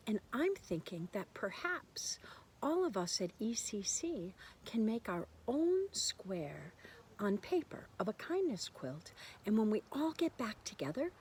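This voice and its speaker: A woman reading a picture book aloud for a church children's lesson, slow and expressive, with soft quiet asides. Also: on the high side, a little hiss or hum, rough recording.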